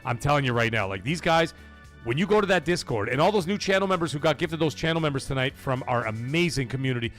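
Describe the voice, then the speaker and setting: A man hosting a gaming livestream, loud and excitable, cursing and reading super chats to his viewers. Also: mid-range voice, fast. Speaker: livestream host. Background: soundboard music and crowd cheers.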